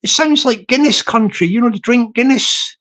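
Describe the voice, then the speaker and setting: Chatting with viewers on YouTube, this middle-aged man sounds very high-pitched and fairly bright at a normal speed. He rambles in a playful, self-amused way, drawing out place names and laughing frequently.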